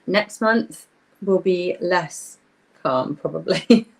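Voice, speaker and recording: A young woman talks casually through a live crafting session, greeting viewers as they join and thinking aloud about the work. Her voice sits a little low for a woman. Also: slow pace, creaky. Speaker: craft workshop host. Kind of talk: casual live-stream chat while crafting.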